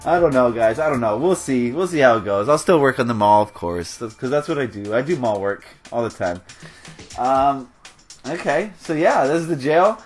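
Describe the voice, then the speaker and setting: A man's voice: medium pitch, expressive, normal speed, soft background music. A man hosting a gaming channel, ranting in casual game commentary and getting worked up, with fillers and nervous laughs.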